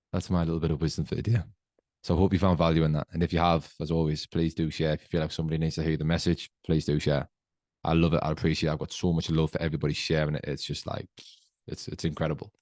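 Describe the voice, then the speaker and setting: Podcast host, male, very low voice, dry close mic; earnest motivational monologue, slow and emphatic. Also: flat delivery, darkish tone, dry recording.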